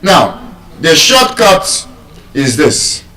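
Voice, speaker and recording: A man giving a live lesson on word stress, deliberate and teacherly, repeating key terms. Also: a little high, sing-song, sharp tone. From Nigeria. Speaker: English language teacher. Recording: roomy sound, mic far off.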